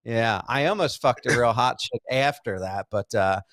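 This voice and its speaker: A middle-aged man co-hosting a podcast, telling a crude story in a halting way, full of fillers and restarts. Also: medium pitch, a crowd in the background. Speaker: podcast co-host. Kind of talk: crude casual chat.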